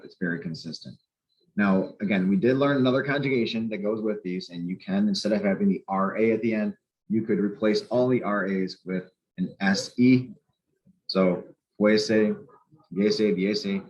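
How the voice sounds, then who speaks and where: A man with a fairly low voice walks through a grammar lesson, patient and methodical, stopping to spell out letters. The sound is slightly muffled and lo-fi. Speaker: Spanish teacher.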